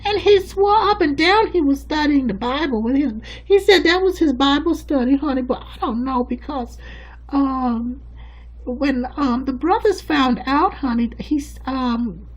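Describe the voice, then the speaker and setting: A man's voice: very high-pitched, lively intonation, measured pace, voice pushed up, poor audio. A man voicing a sassy, bossy churchgoing sister who calls everyone honey, in a comedic character monologue. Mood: hushed. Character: sassy gossiping churchgoing sister, middle-aged woman.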